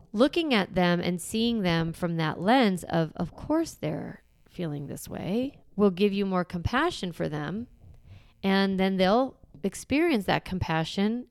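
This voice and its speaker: A woman's voice: lowish voice, gravelly, clean tone, dry recording, clean studio sound. A woman in her thirties hosting a solo parenting podcast, talking in an encouraging, conversational way and acting out the thoughts she describes.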